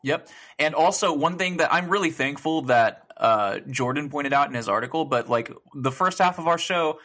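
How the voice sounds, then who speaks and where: A man co-hosting a gaming podcast, chatting casually, excitable and swearing a lot as he rambles through stories. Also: fairly high pitch, normal speed. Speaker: podcast co-host. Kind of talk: casual chat.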